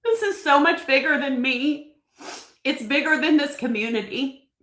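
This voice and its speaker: A woman hosts a live stream, chatty and excited as she reads viewers' comments aloud. Her voice is bright and pitched a little high, and it rings in an echoey room. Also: normal speed. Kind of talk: emotional live-stream book reveal.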